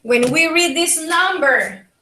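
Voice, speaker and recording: Panamanian woman teacher, bright and unhurried, drilling pronunciation in an echoey room. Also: high-pitched. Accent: Panamanian Spanish. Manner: slow, repeats words to model pronunciation. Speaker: linguistics teacher. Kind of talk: bilingual classroom lecture.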